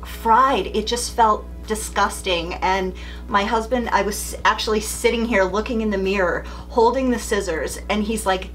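A woman's voice: medium pitch, normal speed, a bit bright, faint music behind. A middle-aged woman speaking as a beauty vlogger, telling a story in a chatty, candid way straight to the camera. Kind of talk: casual beauty vlog storytelling.

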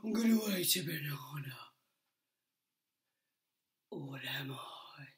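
Lady doing a low hushed brummie film noir dame, broody and slow, at home. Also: lively intonation, recorded from a distance. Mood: sultry, brooding. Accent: Birmingham. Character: breathy film-noir woman alone in lockdown.

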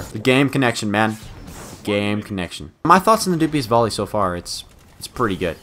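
A young man giving live commentary over his own video game match, muttering one moment and shouting the next. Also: fairly low pitch, moderate pace, pauses often, faint music behind. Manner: excitable, swings from mutters to loud outbursts. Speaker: gaming YouTuber.

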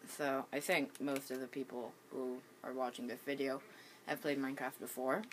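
A woman's voice: rumbling low, flat delivery, moderate pace, slight background noise. A woman with the hiccups giving casual gameplay commentary at home, hesitant, with many ums and restarts. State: has the hiccups. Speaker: gaming channel host.

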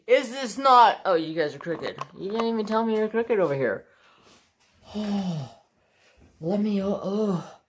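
A woman's voice: medium pitch, lively intonation, takes it slowly, long pauses, a little hiss or hum. A woman hosting a casual craft-channel unboxing vlog at home. She gushes and exclaims again and again, and talks to her dog between remarks. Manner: gushing, exclaims over and over; chats to her dog while talking.

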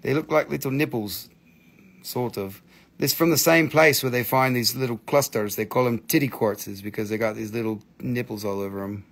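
A man hosts a live crystal sale in a gravelly, creaky voice. He talks in a chatty, excitable way with crude jokes and non-native phrasing. His pitch sits in the middle for a man. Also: normal speed. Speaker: live-stream crystal seller. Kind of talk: casual live sales chat.

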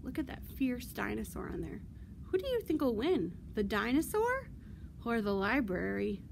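A woman leading a virtual storytime for children as a librarian, speaking in a slow, singsong, animated way with loud playful roars. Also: fairly high pitch, creaky, slight background noise.

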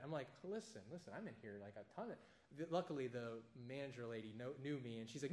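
A man leads an informal Bible study at a quick clip, his voice sitting a little high. He talks like he is chatting with friends, slipping into stories and animated asides. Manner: conversational, tells anecdotes, animated asides. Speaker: Bible teacher.

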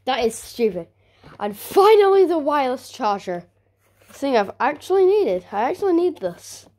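A woman's voice: sits high, sing-song, normal speed, dark tone. A woman unboxing a new phone for her vlog, talking casually with sarcastic, grumbling asides. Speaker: vlogger.

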